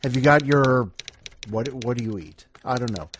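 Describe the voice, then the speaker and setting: A man's voice: mid-range voice, moderate pace, slight background noise. A man hosting a story podcast, chatting in a playful, rambling way. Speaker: podcast host. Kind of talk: casual chat.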